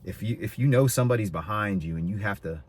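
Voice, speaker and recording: A middle-aged man hosting a casual podcast chat, animated, sometimes acting out quotes with sudden high voices. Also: quick pace. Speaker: podcast host.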